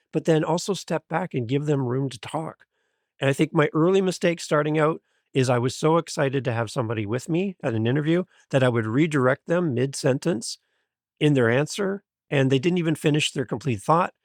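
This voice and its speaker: A man guesting on a podcast, an energetic and enthusiastic storyteller. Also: a little high, normal speed, no echo, studio quality. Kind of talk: interview storytelling.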